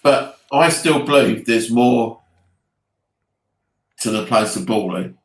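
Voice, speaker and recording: An earnest Essex man musing on hauntings in relaxed talk, a mid-pitched voice in an echoey room. He often trails off and restarts his thoughts. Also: takes it slowly. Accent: Essex English. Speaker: podcast co-host. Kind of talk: casual chat.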